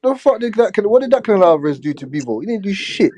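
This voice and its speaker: A man's voice: high-pitched, big pitch swings, very fast, crowd noise. A man, emphatic and dismissive as he argues boxing in casual chat. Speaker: boxing talk panelist.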